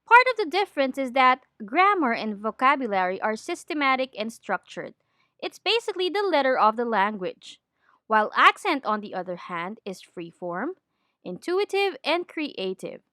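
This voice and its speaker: A woman giving a scripted lesson on training, in a clear, deliberate teaching manner. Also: high voice, very animated, pushed and bright, dry recording, studio quality. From Philippines. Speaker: accent trainer.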